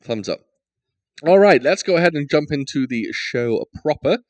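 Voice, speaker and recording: A man's voice: a little high, expressive, normal speed, dry recording. A man hosting a podcast in casual chat, joking and rambling with lots of fillers. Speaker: podcast host.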